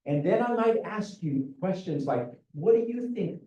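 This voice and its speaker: A man's voice: high voice, animated, unhurried, mellow, muffled recording. A man presenting to parents at a school meeting, earnest and repetitive, often asking rhetorical questions. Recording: echoey room, speaker far from mic.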